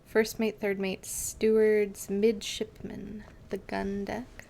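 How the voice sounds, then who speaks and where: A woman streams a game from home and chats casually into a desk mic. She talks at an unhurried pace and wanders off into stories, padding her talk with "like" and "um". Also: medium pitch, monotone, creaky, warm tone, a little hiss or hum. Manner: rambling, filler-heavy storytelling. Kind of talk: casual live game commentary.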